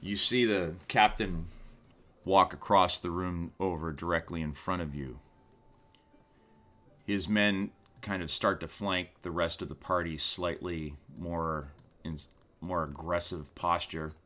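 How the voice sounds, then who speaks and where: A man narrating a tabletop game as game master, relaxed and unhurried with frequent fillers. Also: deep voice.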